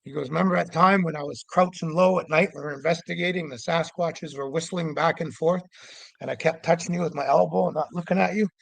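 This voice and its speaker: A middle-aged man from Canada telling stories in a casual, animated way, shouting out the voices of the people in them. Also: fairly high pitch, a little fast, gravelly, dry recording, low-quality recording. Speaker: guest storyteller, Sasquatch investigator. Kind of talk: casual storytelling.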